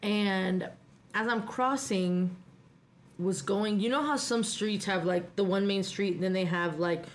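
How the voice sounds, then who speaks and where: A young woman with a Kentucky accent co-hosts a casual podcast, her voice mid-pitched with a faint hiss of noise behind it. She rants through her stories quickly and swears freely. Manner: fast, profane, heated storytelling. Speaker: podcast co-host. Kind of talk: casual chat.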